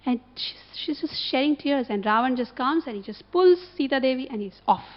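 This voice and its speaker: Lady preaching, high voice, keeps going "huh? yes?", muffled lo-fi recording. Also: lively intonation, brisk. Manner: keeps checking in with the audience through short tag questions. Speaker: temple speaker. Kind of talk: sermon with storytelling. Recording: dull lo-fi recording.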